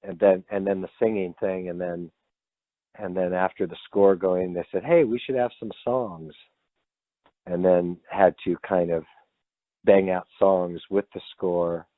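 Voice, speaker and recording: A low-pitched man talks as a composer guest in a casual interview, candid and animated, with salty language now and then. His voice comes through a tinny, phone-like line. The sound is dry, with no room echo. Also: a little slow. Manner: animated, candid, swears freely.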